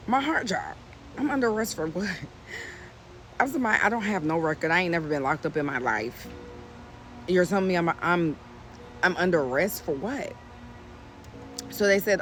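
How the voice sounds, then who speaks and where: Animated woman telling her story outdoors. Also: sits low. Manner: animated, indignant, addresses viewers as y'all. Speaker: vlogger. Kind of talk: casual storytime to camera.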